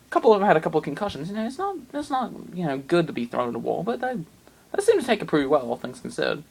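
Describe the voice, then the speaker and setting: Man, comic storytelling, gravelly voice, rambling, excitable. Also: on the high side, rapid-fire. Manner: rambling, excitable, many fillers.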